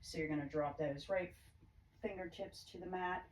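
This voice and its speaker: Low-voiced woman guiding a yoga flow. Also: moderate pace. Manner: calm, steady cueing of poses and breaths. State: slightly choked up in the throat. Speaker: yoga instructor. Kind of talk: guided yoga class instruction. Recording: distant mic with faint background hiss.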